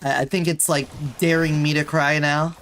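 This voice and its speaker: A woman's voice: low voice, level tone, normal speed, fairly bright tone, a little hiss or hum. A woman streaming a video game, chatting casually with viewers and pleading in exasperation with the game. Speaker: VTuber streamer. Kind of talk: casual gameplay streaming chat.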